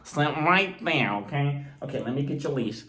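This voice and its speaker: Fields: Figure: calm woman talking sweetly to her dog as a man does her. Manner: soft, coaxing. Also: on the high side, normal speed.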